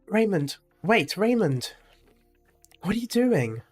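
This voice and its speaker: A man's voice: high voice, very animated, takes it slowly, faint music behind, exaggerated voice. A man reading aloud the lines of a grief-stricken young winged woman from a game, in a mostly plain, lightly acted voice. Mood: pleading.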